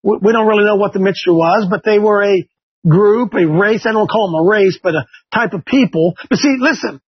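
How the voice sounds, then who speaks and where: High, husky-voiced folksy male preacher. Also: fairly quick, muffled recording. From Ohio. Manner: folksy, quizzes listeners with questions. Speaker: Bible class teacher. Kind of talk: conversational sermon to a class.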